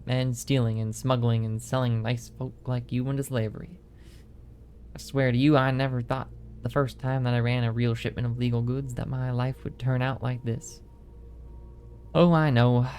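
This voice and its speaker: A man's voice: mid-range voice, a little hiss or hum, close to an everyday voice. A man reading aloud the lines of a miserable, surly drunken elf riverboat captain from a game book, in a fairly plain voice. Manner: read aloud flatly from a book.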